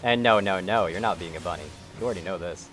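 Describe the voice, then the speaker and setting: A man's voice: low-pitched, fast, over loud music. A man streaming a game, chatting casually and teasing his friends sarcastically. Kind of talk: casual chat while gaming.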